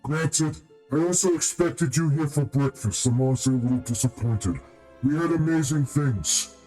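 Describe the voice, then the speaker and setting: Man doing a pompous Hutt crime boss, grandiose and rambling, mellow dark voice, tabletop game. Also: medium pitch, moderate pace, faint music behind, lightly acted, low-quality recording. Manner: grandiose, rambling, misuses words. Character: pompous male Hutt crime lord, boastful and short-tempered. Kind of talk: tabletop role-play voicing.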